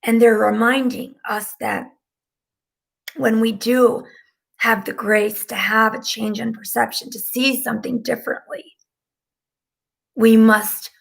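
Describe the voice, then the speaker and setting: A woman working as a psychic medium, channeling on a live stream from her living room, who sounds flustered and often drops into hushed whispered asides. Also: on the high side, level tone, a little slow, vocal fry, long pauses.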